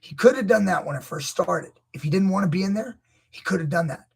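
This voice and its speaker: A man coaching grappling, breaking down a wrestling match with emphatic, opinionated commentary that rises to near-shouts when he gets indignant. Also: high voice, lively intonation, fairly quick, creaky, slightly rough. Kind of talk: video commentary.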